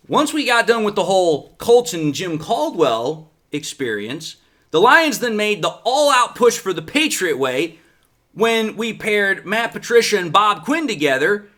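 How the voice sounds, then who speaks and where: Animated, bright-voiced sports talk man. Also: high-pitched. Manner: sarcastic, animated, rhetorical questions. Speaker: sports podcast host. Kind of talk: opinionated sports commentary.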